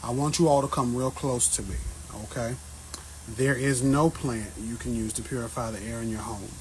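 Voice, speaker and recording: A man chatting casually with his viewers on an outdoor patio, answering plant questions in a joking, animated way. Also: mid-range voice, moderate pace, a little hiss or hum, low-quality recording. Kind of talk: casual livestream chat.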